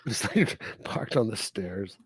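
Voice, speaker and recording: A man's voice: on the low side, lively intonation, takes it slowly, slightly rough. A man co-hosting a podcast, chatting casually about a film, laughing often and rambling through loose sentences with fillers. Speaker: podcast co-host. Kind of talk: casual film review chat.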